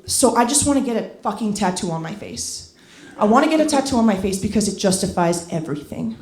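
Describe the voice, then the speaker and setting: A young woman in her twenties doing a stand-up set, rambling and self-deprecating, swearing freely and jumping into loud acted asides. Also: medium pitch, animated, quick pace. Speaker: stand-up comedian. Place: comedy club stage with a laughing audience. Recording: roomy club sound with crowd laughter.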